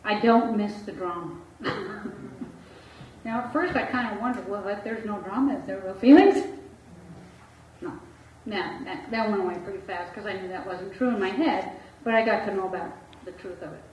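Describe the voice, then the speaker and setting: Woman therapist telling her story to a crowd, laughs a lot, boomy echoey room, faint hiss. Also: normal speed, a little mellow. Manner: frank, laughs often, acts out quoted voices. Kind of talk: candid personal talk to an audience. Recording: echoey room, far from the mic, dull and lo-fi.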